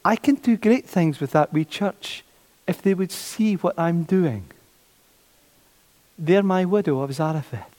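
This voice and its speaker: A man preaching a sermon, animated, repeating his phrases and acting out the voices of doubters. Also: high voice, measured pace. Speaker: pastor. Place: church. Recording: long church reverb.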